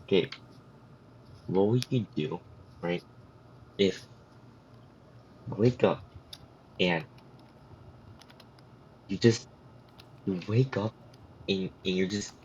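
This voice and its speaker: A man's voice: deep voice, a little mellow, a little hiss or hum. A man in a casual voice chat, rambling through silly made-up scenarios. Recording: slightly muffled voice chat audio.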